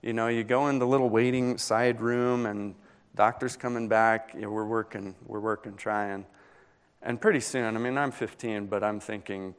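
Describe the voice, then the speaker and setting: A young adult man, a pastor, preaching a sermon and telling a personal story in an earnest, pausing way that builds in intensity. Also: fairly low pitch, steady tone, smooth.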